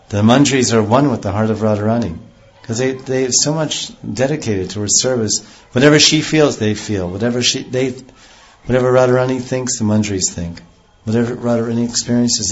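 Low-voiced man giving a devotional lecture. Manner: rambling, with many restarts and acted quotes. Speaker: spiritual teacher. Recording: dull lo-fi recording.

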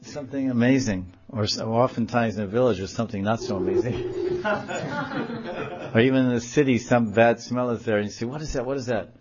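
A man telling a devotional story in a sermon, animated and acting out the quotes in it, in a dull, lo-fi recording. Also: medium pitch, moderate pace, a little hiss or hum. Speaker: religious storyteller.

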